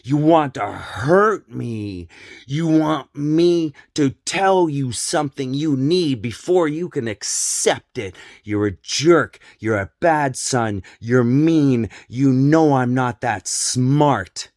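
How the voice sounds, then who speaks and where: A man's voice: mid-range voice, animated, slow, darkish tone, no echo, clean studio sound. A man voicing a defensive, self-pitying older mother who scolds her son and keeps blaming him. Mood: accusing. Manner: accusing and whiny, repeats blame.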